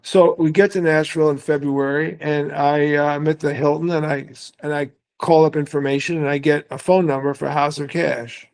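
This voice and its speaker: Gravelly animated older man telling stories. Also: fairly high pitch, normal speed, hardly any pauses. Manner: animated storyteller, acts out quotes, swears freely. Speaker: guest musician. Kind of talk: casual storytelling interview.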